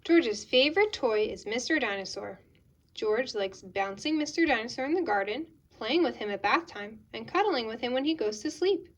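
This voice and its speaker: Woman, storybook read-aloud, gentle expressive reading, fairly high voice. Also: normal speed.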